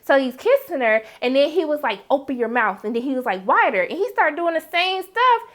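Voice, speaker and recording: A woman reviewing a TV episode in a casual recap, telling it with animated, dramatic reactions and slangy talk. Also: sits high, brisk. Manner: slangy, conversational. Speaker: TV series reviewer.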